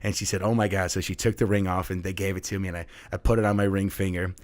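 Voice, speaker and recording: A young man, a middle school teacher, telling funny classroom stories in a playful, animated way. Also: low-pitched, quick pace, dry recording. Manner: playful, acts out voices in his stories. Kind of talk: animated storytelling.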